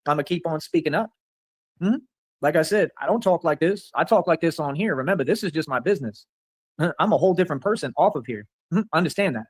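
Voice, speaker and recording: Fast-talking, boastful man ranting on a livestream. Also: a little high, expressive, husky, no room sound. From Rio Grande Valley, Texas. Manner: boastful, rambling, repeats filler phrases; angry and confrontational.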